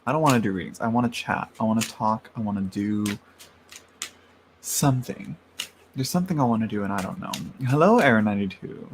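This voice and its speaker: A man's voice: lowish voice, animated, brisk, noisy background. Chatty man rambling on a livestream. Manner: chatty, rambling, laughs often, greets viewers by name. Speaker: tarot livestream host. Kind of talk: casual livestream chat. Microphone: large microphone.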